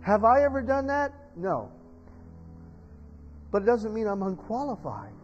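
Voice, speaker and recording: Storytelling male pastor with a high voice; dull recording. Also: huge pitch swings, unhurried, faint music behind. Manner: storytelling, rising to loud emotional preaching. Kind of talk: sermon. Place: church sanctuary. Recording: dull sound in a reverberant church hall.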